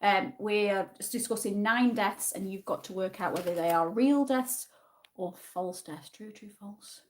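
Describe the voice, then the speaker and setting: A woman's voice: mid-range voice, unhurried. Chatty northern English woman hosting a livestream. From Yorkshire, England. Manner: chatty, reads viewer comments aloud and answers them. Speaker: livestream host. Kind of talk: casual livestream chat with a quiz.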